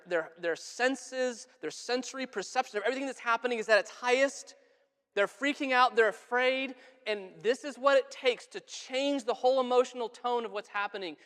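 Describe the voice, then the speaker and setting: A male pastor delivers a sermon in an earnest, conversational way, and his voice sits fairly high for a man. He drops to soft, hushed tones for quoted words. The sound carries a long reverb from the church sanctuary. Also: clean tone.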